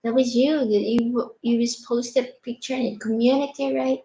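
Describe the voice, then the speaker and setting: A woman's voice: fairly high pitch, steady tone, moderate pace, dark tone, reverberant, low-quality recording. A woman co-hosting a casual livestream chat, chiming in briefly in a conversational way. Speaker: livestream co-host.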